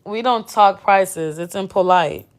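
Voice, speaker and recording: A woman's voice: medium pitch, unhurried, natural voice. A woman reading the lines of a proper middle-aged mother who speaks in a prim, reproachful way.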